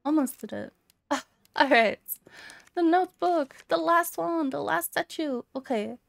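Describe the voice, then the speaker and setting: A woman's voice: high voice, unhurried, creaky, dry recording. A young woman playing a horror game, chatting casually, reading notes aloud and getting easily spooked. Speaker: streamer. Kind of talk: casual let's play commentary.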